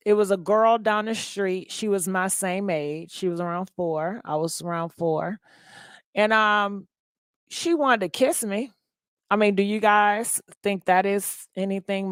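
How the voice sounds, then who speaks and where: Slow blunt woman hosting a call-in show. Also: medium pitch, clean tone, no room sound, clean studio sound. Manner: blunt, animated, slangy. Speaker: live call-in show host. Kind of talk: casual live-stream chat.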